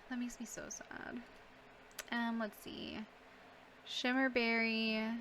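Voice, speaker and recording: Young female gamer, casual commentary, emotive reactions, slow and unhurried, faint hum behind. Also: a little high, flat delivery, fairly bright tone. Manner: emotional, reacting aloud with gasps, sighs and laughs. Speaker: gaming YouTuber. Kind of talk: casual let's-play commentary.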